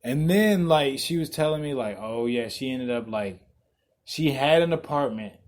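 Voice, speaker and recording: A man hosting a podcast, ranting bluntly and profanely, loud one moment and muttering the next. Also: mid-range voice, lively intonation, moderate pace. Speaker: podcast host. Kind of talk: casual podcast rant.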